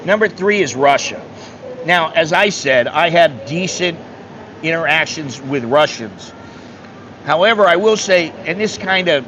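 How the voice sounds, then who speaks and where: A man from the United States tells a rambling travel story in a slightly high voice, blunt and swearing as he acts out the other people. The sound is dull and lo-fi, with a faint air-conditioner hum behind him. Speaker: travel vlogger. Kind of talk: casual storytelling monologue.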